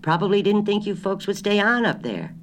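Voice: mid-range voice, very animated, a little fast, a little hiss or hum, voice pushed up. A reader voicing a blunt, suspicious country grocer, a man who talks in firm, clipped rural phrases, in a storybook reading.

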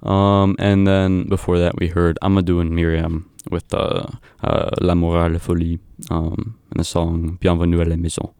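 Low, flat-voiced man with a halting delivery. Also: vocal fry, smooth, no echo, studio quality. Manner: halting, many ums and uhs. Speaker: radio DJ. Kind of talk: casual radio back-announcing.

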